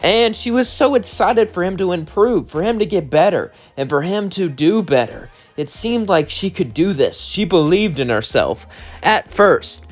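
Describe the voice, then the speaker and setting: A man's voice: high voice, animated, normal speed, faint music behind. Rambling man narrating a fan story.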